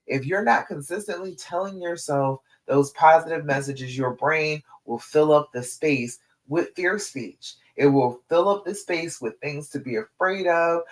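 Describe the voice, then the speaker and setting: A woman love coach giving a live-streamed coaching talk, direct and encouraging, often checking in with "okay?" between points. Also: sits low.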